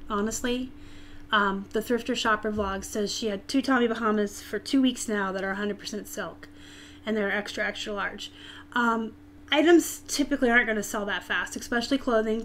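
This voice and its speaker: A woman's voice: on the high side, moderate pace, a little hiss or hum. A woman from Arizona with a light Southern US accent, hosting a casual live stream and answering viewers' chat comments directly. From Tucson, Arizona, US.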